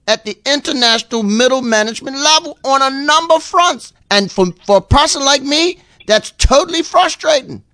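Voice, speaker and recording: A middle-aged man from Bermuda chatting casually on a radio call-in show, rambling and repeating words as he tells animated stories. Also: extremely high pitch, dry recording, studio quality.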